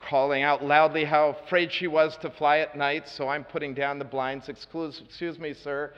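Preacher's story echoing in a hall. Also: male voice, a little high, level tone, moderate pace, clean tone. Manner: earnest, with dry asides and shifts between loud and hushed. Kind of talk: sermon storytelling. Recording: reverberant hall, dull lo-fi sound.

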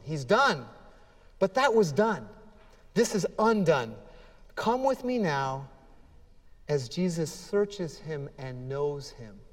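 A man's voice: sits high, big-room sound. A man preaching a sermon as pastor, earnest and emphatic, acting out scripture dialogue with feeling.

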